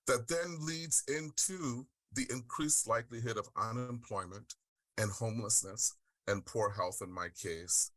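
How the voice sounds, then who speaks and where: A middle-aged man from the Deep South, speaking on a webinar panel and sharing his personal story in an earnest, heartfelt way. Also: pushed and bright, no room sound. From Deep South of the United States. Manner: earnest, heartfelt, with frequent "um" and "right?". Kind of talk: personal testimony and presentation. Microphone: video call.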